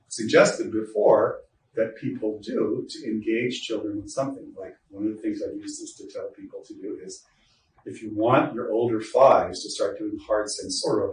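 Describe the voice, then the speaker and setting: A man giving an informal workshop lecture to teachers, chatty and joking, with asides to the audience. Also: on the low side. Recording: roomy echo, distant mic, faint noise.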